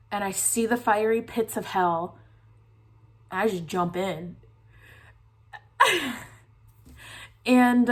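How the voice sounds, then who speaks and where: A young woman vlogger telling a dream story casually, rambling with constant filler words. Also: medium pitch.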